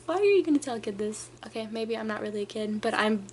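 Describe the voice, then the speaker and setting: A young woman telling a casual storytime rant to her camera, animated and full of filler words. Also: a little high, fast, a little hiss or hum. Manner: animated, filler-heavy, many "like"s, acts out customers. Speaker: vlogger.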